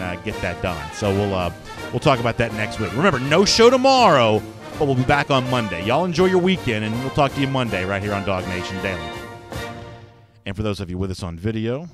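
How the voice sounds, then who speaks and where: A low-pitched man hosts a live sports talk show, chatting casually and reading out viewer comments. He rambles, restarting sentences and filling gaps with fillers.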